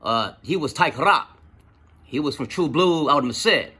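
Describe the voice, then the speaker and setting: Profane, animated man telling a story. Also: fairly high pitch, moderate pace, slightly rough. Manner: profane, animated, lots of fillers. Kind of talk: casual personal storytelling.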